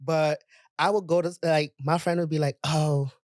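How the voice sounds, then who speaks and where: A man talking as a podcast guest in casual chat, animated and rambling. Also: on the high side, normal speed, dry recording, studio quality. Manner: animated, laughing, rambling with restarts.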